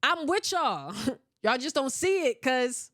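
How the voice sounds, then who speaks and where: A woman, hosting a podcast and chatting casually, animated and often laughing as she rambles through stories. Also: high voice, takes it slowly, dry recording, studio quality. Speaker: podcast host. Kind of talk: casual chat reading listener comments.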